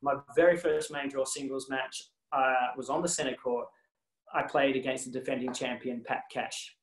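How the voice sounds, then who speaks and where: Australian ex-athlete guest, lively anecdotes, restarts, roomy echo on a video call. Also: male voice, medium pitch, normal speed. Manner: animated anecdotes with many restarts and laughs. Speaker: former tennis player, guest. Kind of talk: casual storytelling on a video call.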